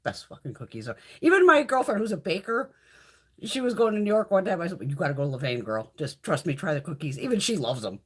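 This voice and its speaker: A husky, low, sing-song voice belongs to a middle-aged woman hosting a laid-back beauty livestream at a quick pace. Chatty and foul-mouthed, she talks to her viewers and reads their comments.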